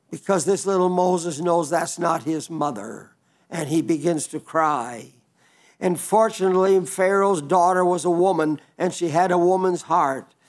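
A male pastor retelling a story in a sermon, earnest, with restarts and slow, emphatic stretches. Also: high voice.

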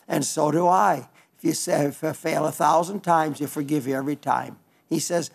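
An old man in his nineties preaches in a folksy, rambling way, stopping and restarting his sentences. His voice sits a little high for a man, and it lifts with fervor when he speaks of grace. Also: vocal fry. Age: 90s. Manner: folksy, halting, with frequent restarts; fervent when praising the gospel. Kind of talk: radio sermon reading listener letters.

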